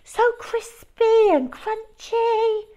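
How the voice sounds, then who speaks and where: A woman's voice: extremely high pitch, extremely slow, warm tone, pitched above the performer's own voice, heavily acted. A woman reading aloud, voicing an eager goody-goody little boy who tattles on his brother in a whiny voice. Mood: smug.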